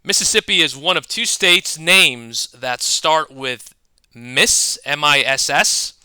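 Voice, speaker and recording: Male educator, higher-pitched, crisp tone, measured narration with punny asides. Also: sharp tone, no room sound. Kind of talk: scripted explanatory narration.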